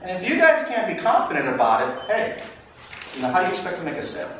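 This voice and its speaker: A man's voice: high-pitched, fast. A man teaching a live sales training session in a coaching manner, acting out what salespeople and customers say. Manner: animated, coaching, acts out customer lines. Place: training room. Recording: far-off mic in an echoey room, faint noise.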